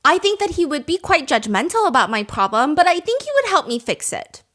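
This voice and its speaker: A young woman hosts a casual podcast, telling a story in a lively, chatty way. Her voice sits a bit high, and she laughs often and slips into acted-out quotes. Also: fairly quick. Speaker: podcast host.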